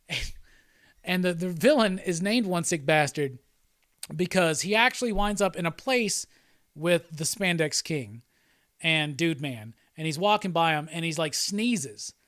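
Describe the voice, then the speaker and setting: Casual male streamer, loose and profane, a slightly high voice in a dry room. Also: expressive, measured pace, fairly bright tone, no room sound. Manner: rambling and profane, with frequent laughs. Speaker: host. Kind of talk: casual livestream chat.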